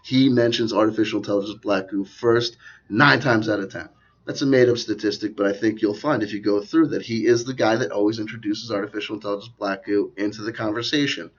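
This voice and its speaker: Slightly fast and a bit rough, his fairly low voice stays mostly even in intonation. He's a man running a rambling conspiracy commentary video, sardonic and prone to asides, captured in dull lo-fi sound.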